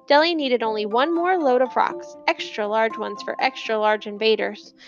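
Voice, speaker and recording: A woman narrating a children's novel in a lively storytelling manner, putting on voices for the characters. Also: fairly high pitch, normal speed, lo-fi sound, music in the background. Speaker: audiobook narrator.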